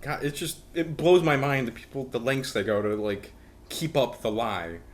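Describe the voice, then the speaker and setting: A man's voice: medium pitch, moderate pace. A young man co-hosting a podcast, telling stories in casual chat and acting out the people he quotes. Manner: animated storytelling, acting out quoted voices. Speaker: podcast co-host.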